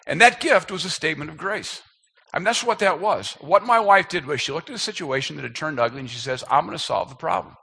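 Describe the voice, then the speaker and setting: Man, fifties, strong bright tone, self-deprecating, humorous sermon story. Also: fairly high pitch, lively intonation, quick pace, husky. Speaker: speaker.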